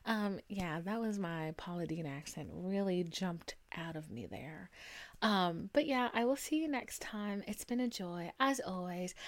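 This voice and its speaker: A woman's voice: lowish voice, expressive, measured pace. A young woman hosting her own podcast alone, talking frankly and casually, full of "like" fillers and the odd swear word, signing off with pet names for her listeners. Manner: affectionate sign-off, calls listeners babes and honey. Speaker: podcast host. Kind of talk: casual solo podcast talk.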